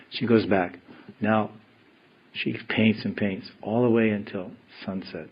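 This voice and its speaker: A man giving a devotional scripture class, telling stories in a slow, meditative way. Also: fairly low pitch, steady tone, breathy edge, lo-fi sound. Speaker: spiritual teacher.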